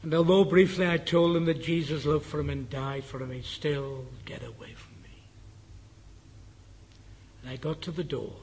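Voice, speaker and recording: An older Englishman preaching a sermon, telling a personal story in an earnest way and dropping to a hush at times. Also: a little high, fairly even intonation, fairly quick, few pauses, a little hiss or hum. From England. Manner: earnest, drops to a hushed whisper for the dying man's words. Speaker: guest preacher.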